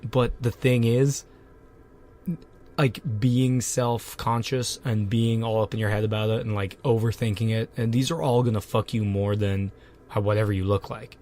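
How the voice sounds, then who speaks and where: A man's voice: fairly low pitch, flat delivery, normal speed, warm tone, slight background noise. A young man co-hosting a podcast in casual chat, joking and swearing as he hands out blunt advice. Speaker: podcast co-host.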